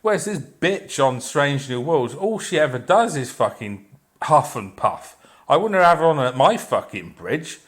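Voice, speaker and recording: A man's voice: a little high, very animated, a little slow. A man ranting in a blunt, profane and sarcastic way, rambling with restarts and filler as he reviews a show. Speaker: video reviewer. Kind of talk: unscripted rant.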